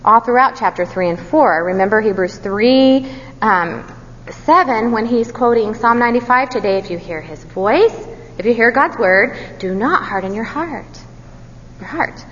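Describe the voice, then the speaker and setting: A woman's voice: on the high side, lively intonation, normal speed, fairly bright tone. Earnest woman teaching from the Bible. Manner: earnest, questioning the listeners, self-deprecating asides. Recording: dull, roomy recording with long reverb and faint background hum.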